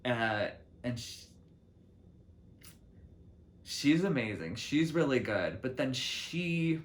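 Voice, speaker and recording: A young man hosting his own solo talk show, rambling casually to the camera from his city apartment with lots of fillers and restarts. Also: takes it slowly. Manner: chatty, lots of "like" and restarts, lively swings in pitch and loudness. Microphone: camera mic.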